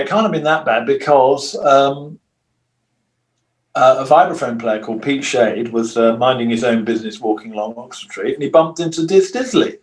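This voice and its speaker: An older man, a guitarist, telling long, rambling stories in a relaxed interview and acting out the voices of people he quotes. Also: mid-range voice. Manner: rambling storyteller who acts out quoted voices. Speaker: guitarist guest.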